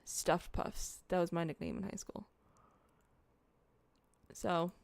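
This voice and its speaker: Young woman streamer, loose rambling chat, cusses a lot, gravelly fry in the voice. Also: on the low side, fairly even intonation, takes it slowly, a little mellow, no room sound. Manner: chatty, rambling, swears freely, talks to chat. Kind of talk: casual livestream chat, eating on camera.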